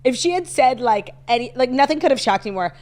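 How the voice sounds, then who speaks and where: Woman cohosting a podcast, chatty and animated, says like a lot. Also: sits high, a little fast. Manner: chatty, animated storytelling with frequent "like". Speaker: podcast co-host. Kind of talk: casual chat.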